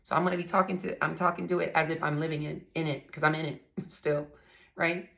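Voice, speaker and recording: A woman's voice: deep voice, flat delivery, fast, vocal fry, a bit bright. A woman talking casually to her viewers, blunt and profane, telling a story with strong emphasis.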